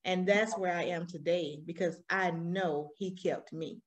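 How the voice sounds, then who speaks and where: A woman in her forties with a Southern American accent, telling her story as an interview guest with lively, laughing energy. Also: on the low side, a little slow. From Alabama, US. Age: 40s. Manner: animated storytelling, laughs often. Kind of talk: conversational interview.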